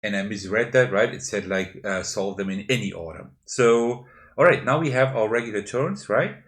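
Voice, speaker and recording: Low-voiced man narrating a board game. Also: moderate pace. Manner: explains each move step by step while handling pieces. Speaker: board game channel host. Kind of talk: solo tabletop playthrough commentary.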